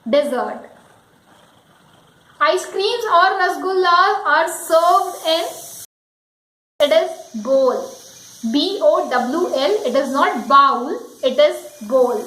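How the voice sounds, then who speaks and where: A woman with an Indian accent teaching English pronunciation, slowly repeating and spelling out words. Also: sits high, fairly bright tone, reverberant, low-quality recording. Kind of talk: pronunciation lesson.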